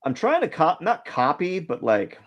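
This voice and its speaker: The man's voice is a little high with wildly swooping pitch, moving at a moderate pace in lo-fi sound. He runs a drawing live stream and talks through his sketching casually, drifting, faltering, doubting himself and playing down his art.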